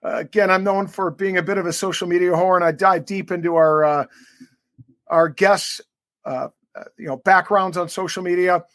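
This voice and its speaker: This co-host of a sports podcast interview rambles and cracks jokes, his speech packed with fillers. He has a high, slightly bright voice with fairly even intonation and normal speed, captured dry and clean in a studio.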